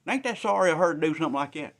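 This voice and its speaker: Indignant starving woman with a drawl, put on by a man, raised pitch, folksy storybook telling. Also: lively intonation, rapid-fire, fairly bright tone. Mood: complaining.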